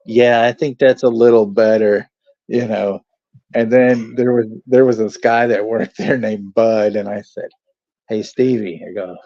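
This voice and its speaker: On a watch party stream, a man with a warm, mid-range voice tells casual anecdotes, laughing often and swearing freely. The sound is dry, dull and lo-fi, with no echo.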